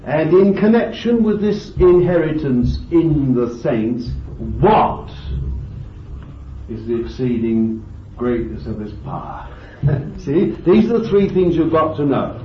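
A man's voice: a little high, takes it slowly, a little hiss or hum. Fervent male preacher on old tape. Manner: fervent, swings from loud exclamations to hushed asides. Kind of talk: sermon. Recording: roomy, distant, dull lo-fi tape recording.

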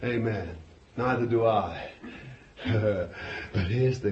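A man preaching a fervent sermon, swinging from loud exclaiming to hushed whispers. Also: fairly low pitch, moderate pace. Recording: dull lo-fi recording with faint hiss.

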